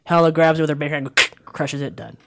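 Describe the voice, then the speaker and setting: A man with a fairly high voice recaps a film in loose, casual conversation. He is animated and uses lots of fillers, and he keeps dropping into quick put-on character voices. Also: gravelly, slight background noise. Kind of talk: casual chat retelling a movie.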